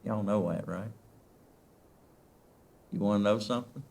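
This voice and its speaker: In his sermon, this male preacher asks the congregation questions, swinging from loud emphasis down to very quiet, soft lines. His fairly low voice carries vocal fry and runs a little slow.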